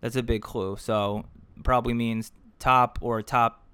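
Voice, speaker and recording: Animated man in casual sports chat. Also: mid-range voice, clean tone, no room sound. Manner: animated, swears, quick asides. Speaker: podcast co-host.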